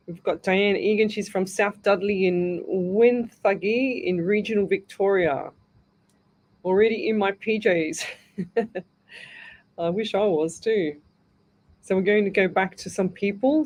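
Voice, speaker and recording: A woman's voice: mid-range voice, darkish tone. A middle-aged Australian woman hosting a live call-in radio show as a psychic medium, chatty and greeting listeners by name as she thinks aloud.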